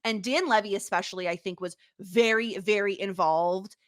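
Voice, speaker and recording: A woman's voice: medium pitch, steady tone, normal speed, dry recording, studio quality. A woman co-hosting a podcast in casual chat, talking loosely with many fillers and easy laughter. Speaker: podcast co-host.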